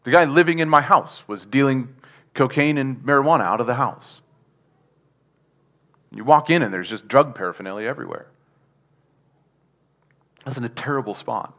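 A man's voice: mid-range voice, lively intonation, moderate pace, pauses often, bright, forceful tone. A man giving a sermon testimony, telling his story earnestly with chuckles and asking the congregation questions. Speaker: preacher.

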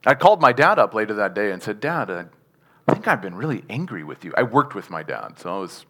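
A man's voice: on the low side, very animated, fast, sharp tone. A man giving a sermon testimony, telling his story earnestly with chuckles and asking the congregation questions. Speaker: preacher.

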